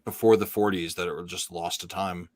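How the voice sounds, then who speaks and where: A man co-hosting a casual comic livestream, joking and excitable, swearing freely. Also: deep voice, normal speed, no echo, studio quality. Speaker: comic podcast co-host.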